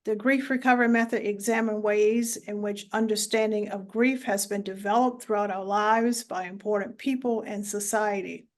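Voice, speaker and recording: A woman presenting a talk on grief in an online webinar, speaking in a measured way with many filler sounds. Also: medium pitch, fairly even intonation.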